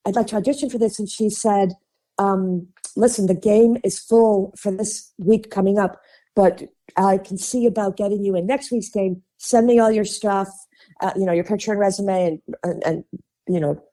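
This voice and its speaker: A Chicago woman with a Midwestern accent is a podcast guest, telling chatty, animated stories in a casual interview. She laughs often and acts out the voices of people she quotes. Her pitch is medium and her pace normal.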